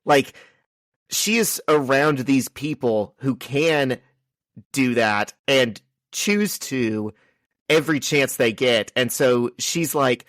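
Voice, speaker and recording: A man's voice: mid-range voice, takes it slowly, a bit bright, dry recording. A man co-hosting a casual comic-book podcast, arguing his view of the characters. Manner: argues his point, defending characters. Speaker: podcast co-host.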